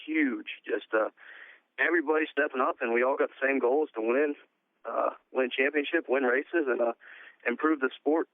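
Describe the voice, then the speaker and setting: A man's voice: medium pitch, normal speed, no room sound. A man in a phone interview who races ATVs, in the middle of his range. He talks loosely and leans on fillers. The line is thin and tinny, with no room sound at all. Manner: relaxed, plain-spoken, many "uh" fillers. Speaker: pro ATV motocross racer.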